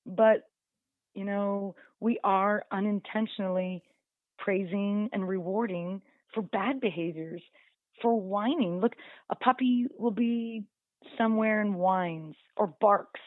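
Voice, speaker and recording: A woman's voice: medium pitch, dry recording. Chatty woman on a tinny phone line. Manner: chatty, many "you know" fillers, acts out dogs and owners. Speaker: dog trainer guest. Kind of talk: casual radio interview.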